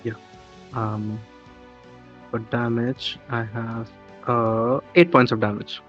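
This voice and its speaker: A man playing a tabletop game, calling out rolls and asking quick questions, with fillers. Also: mid-range voice, flat delivery. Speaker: player. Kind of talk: casual tabletop game play. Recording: dull sound, faint music.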